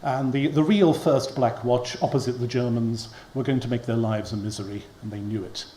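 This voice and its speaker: This man's mid-range voice holds a steady, mellow tone at a moderate pace as he delivers a public history lecture to an audience. He's wry and keeps chuckling at his own asides, and the hall echoes with a faint hum behind him.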